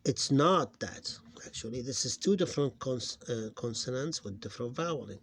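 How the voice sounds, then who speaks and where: A man teaching a phonics lesson, explaining in halting English with restarts and sounding out syllables loudly and slowly. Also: medium pitch, a little hiss or hum. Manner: halting, with many restarts and self-corrections. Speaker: Arabic reading teacher.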